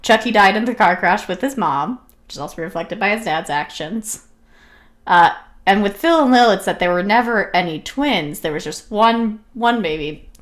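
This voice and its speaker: An easygoing woman co-host in a relaxed chat. She laughs easily and reads passages aloud at an even, steady pace. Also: medium pitch, moderate pace. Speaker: podcast co-host. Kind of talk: casual chat.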